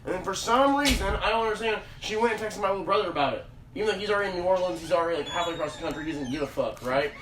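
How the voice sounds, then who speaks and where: A young man rattles off a profane, rambling story at a quick clip, his voice a touch high. He is picked up from across an echoey room, with a soft hum underneath. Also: lively intonation. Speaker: podcast host. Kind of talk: casual storytelling. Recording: roomy room, distant mic, faint background hum.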